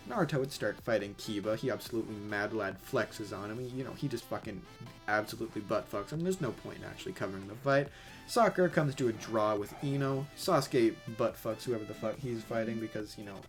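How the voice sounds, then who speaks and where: A man casually retelling an anime plot as a rambling comedy story, full of fillers and crude jokes. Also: fairly low pitch.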